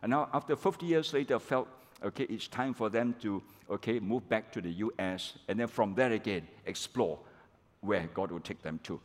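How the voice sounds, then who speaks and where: A middle-aged man preaching a sermon, animated and chatty, peppering his telling with "okay" and "all right" to the congregation. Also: fairly low pitch, moderate pace. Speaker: pastor. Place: large church hall. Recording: long reverb of a church hall.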